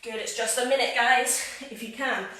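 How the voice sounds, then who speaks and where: A woman fitness coach leads a live home workout from a room in her house, counting down reps and chatting between sets while out of breath. Her voice is on the high side, steady, bright and forceful, at a normal pace. The room is echoey and she's far from the mic.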